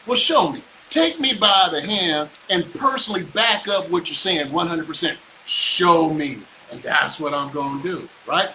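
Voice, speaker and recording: High bright voiced guy hyping his coaching program, super fired up, bit of hiss. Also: expressive, measured pace, low-quality recording. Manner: hyped, boastful, preacherly with slang. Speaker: real estate coach. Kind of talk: motivational livestream pitch.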